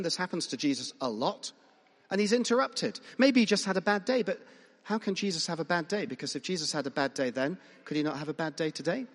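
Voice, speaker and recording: A man preaching a conversational sermon, asking the congregation questions and making emphatic points. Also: sits high. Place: church hall. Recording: long reverb of a large church.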